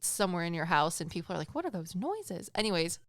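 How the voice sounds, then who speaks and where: A woman's voice: on the low side, very animated, quick pace, dry recording. A woman in her thirties hosting a podcast, chatting casually and giggling as she mimics voices in her stories. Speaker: podcast host and psychic medium. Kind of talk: casual chat.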